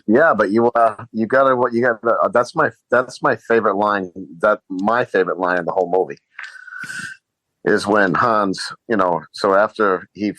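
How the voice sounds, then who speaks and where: A man's voice: fairly low pitch, normal speed, fairly bright tone, dry recording, rough recording. A man co-hosting a podcast, retelling movie scenes casually with many fillers. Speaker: podcast co-host.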